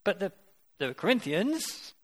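A man's voice: high-pitched, sing-song, a little slow, fairly bright tone. A man preaching a sermon. He reads scripture aloud and then puts questions directly to his listeners. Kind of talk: interactive sermon.

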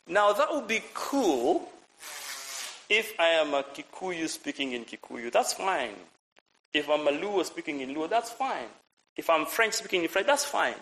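A man preaching a lively sermon, asking the congregation questions and repeating his phrases. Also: fairly high pitch, a little slow, low-quality recording. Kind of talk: lively sermon with audience participation.

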